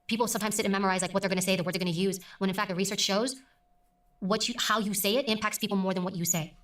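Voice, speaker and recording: A middle-aged woman who works as a news presenter, talking emphatically and deliberately as an interview guest. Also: medium pitch, fairly even intonation, fairly bright tone, reverberant, distant mic. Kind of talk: conversational interview.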